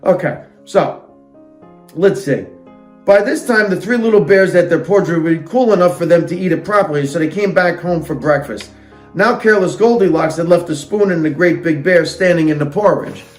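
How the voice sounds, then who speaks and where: Give me a high-pitched man reading a fairytale with indignant sarcastic asides, in a roomy echo. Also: normal speed, faint music behind. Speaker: comedian reading a fairytale aloud. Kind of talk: comic storybook reading with ranting asides.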